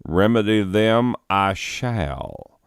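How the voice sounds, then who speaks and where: A comedian voicing a tall, smooth-talking southern stranger in a thick put-on drawl. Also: male voice, fairly low pitch, lively intonation, very slow, no echo, clean studio sound, exaggerated voice.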